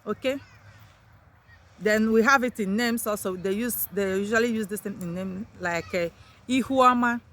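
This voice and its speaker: A woman teaching a vocabulary lesson, saying each new word in a lifted voice and repeating it before explaining. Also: fairly bright tone. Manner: lifts words sharply in pitch when introducing them. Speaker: language teacher.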